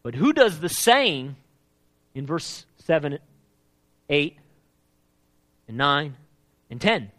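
A pastor preaching a live sermon, animated and emphatic, often checking in with the congregation. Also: male voice, fairly high pitch, slow, pauses often.

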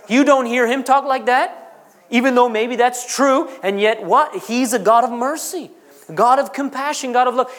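A man preaching a sermon, repeating phrases for emphasis and pausing dramatically. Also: very high voice, a bit bright. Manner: repetitive, emphatic delivery with dramatic pauses. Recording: long reverb of a large hall.

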